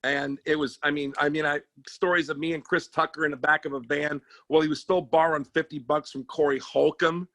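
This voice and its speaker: A man who works as a sports agent and comedian, telling stories in casual chat, animated and profane, with many restarts. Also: a little high, brisk, few pauses, dry recording.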